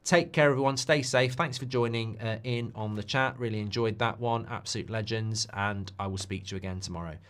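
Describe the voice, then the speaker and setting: A man's voice: fairly low pitch, brisk, hardly any pauses, a bit bright, smooth. A man hosting a live football watchalong stream, chatting off the cuff and answering viewer requests. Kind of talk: live-stream casual chat.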